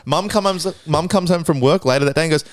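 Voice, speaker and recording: A man co-hosting a podcast, casually telling a story with swearing and getting excited as it builds. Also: fairly quick, no room sound, studio quality. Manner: animated storyteller, swearing, rising pitch when excited. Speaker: podcast co-host. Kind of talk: casual chat.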